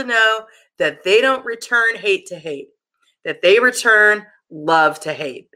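A middle-aged podcast host speaking in an earnest, measured and supportive way while leading a discussion. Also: medium pitch, animated, bright, forceful tone.

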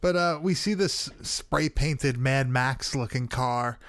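A man's voice: mid-range voice, slow, fairly bright tone, dry recording. Laid-back swearing man recapping a movie. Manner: rambling, swears a lot, laughs often. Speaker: podcast host recapping a film. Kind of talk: casual chat.

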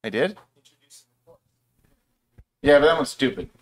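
A man's voice: medium pitch, expressive, takes it slowly. A man casually presenting at a developer meetup, rambling a bit with fillers.

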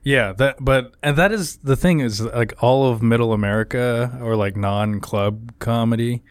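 Young dude rambling, lots of uh's, dry close mic. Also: male voice, mid-range voice, clean tone, no room sound. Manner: rambling, halting with lots of fillers. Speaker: comedian podcast co-host. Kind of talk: casual chat.

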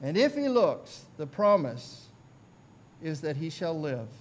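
A pastor putting on a fervent Essex lay preacher. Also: male voice, fairly high pitch, sing-song, slow, pitched below the performer's own voice, exaggerated voice. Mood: folksy emphatic. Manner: folksy, repetitive, pleading. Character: thin, plain-spoken male lay preacher, fervent.

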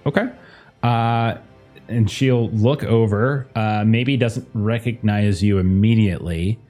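A man's voice: on the low side, warm tone. A man narrating as game master in a tabletop game, rambling with many fillers.

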